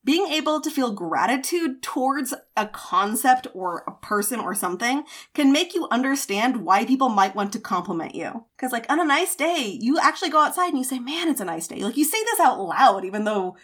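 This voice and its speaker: Brief: woman, 30s, podcast co-host, chatty advice, fairly high pitch. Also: animated, brisk, hardly any pauses, fairly bright tone. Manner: chatty, lots of fillers and acted-out quotes.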